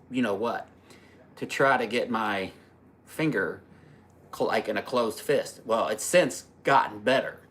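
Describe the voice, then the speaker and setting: A man's voice: mid-range voice, fairly bright tone, slightly rough. A man hosting a casual livestream, rambling through a story, laughing at his own jokes and answering viewer comments. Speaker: livestream host.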